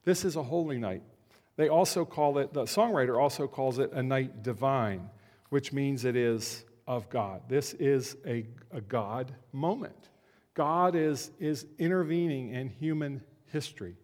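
A man giving a conversational Christmas sermon as a pastor, slowing down to stress key words. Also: mid-range voice, darkish tone. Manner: conversational, slows down for emphasis. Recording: long hall reverb.

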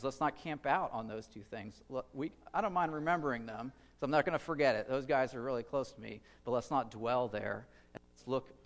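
A man preaches to his congregation in a relaxed, conversational way, pausing with fillers and circling back on his words as he thinks aloud. His voice sits at an ordinary middle pitch. The sound carries the long reverb of a church hall. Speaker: pastor. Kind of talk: sermon.

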